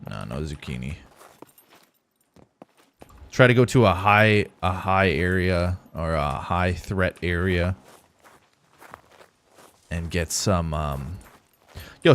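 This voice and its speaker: A young man streaming a survival game live, rambling easily to his viewers between bits of play. His voice sits low for a man, and he talks in a loose, conversational way. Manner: casual, rambling, talks to chat while playing. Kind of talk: live gameplay commentary.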